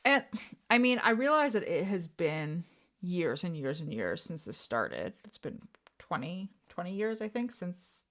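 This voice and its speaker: A woman's voice: lowish voice, big pitch swings, measured pace, fairly bright tone. A young woman co-hosting a podcast, thinking aloud in casual chat with fillers and restarts. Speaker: podcast co-host.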